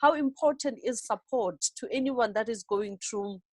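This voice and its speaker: Woman host, slightly high, dry close sound, rambling questions. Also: normal speed, no room sound. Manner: warm-voiced affirming with soft hums, long rambling questions. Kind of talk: studio interview.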